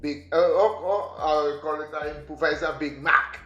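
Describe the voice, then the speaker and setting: A man's voice: fairly high pitch, normal speed, fairly bright tone, muffled recording. A man giving a rambling home tour as a vlogger, talking straight to his viewers. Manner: rambling, chatty, addresses viewers directly. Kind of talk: casual home tour vlog. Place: home room and kitchen. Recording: echoey room, faint music behind.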